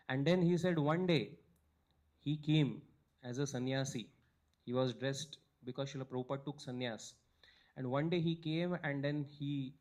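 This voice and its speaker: A man telling a devotional story at a weekly satsang, growing animated at the high points of the story.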